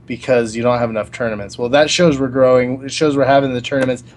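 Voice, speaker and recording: A man's voice: medium pitch, steady tone, fast talker. A man guest in a casual gaming chat, upbeat and enthusiastic, over a voice call.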